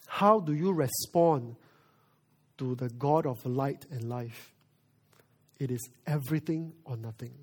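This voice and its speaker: A male pastor preaching a sermon, moving from quiet reflection to loud emphasis. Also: medium pitch, takes it slowly, pauses often, husky.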